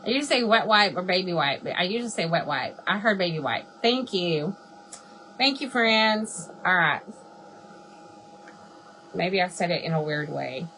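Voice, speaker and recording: A woman's voice: fairly low pitch, lively intonation, normal speed, pauses often, pushed and bright, a little hiss or hum. A woman hosting a craft livestream, chatting casually, laughing often and answering viewers by name. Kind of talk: casual live chat while crafting.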